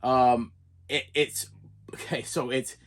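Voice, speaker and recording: A middle-aged man, a teacher and father, talking casually and at length to his viewers in an animated, repetitive way. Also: medium pitch, takes it slowly. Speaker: preschool teacher and collector vlogger. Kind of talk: casual rambling monologue.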